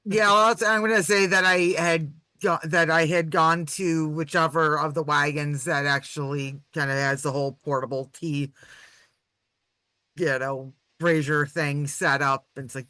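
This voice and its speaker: A man's voice: a little high, steady tone, measured pace, sharp tone, dry recording. A man playing a tabletop game, describing his character's actions in a rambling way. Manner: rambling, lots of "you know" and "like". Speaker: player. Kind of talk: tabletop role-play chat.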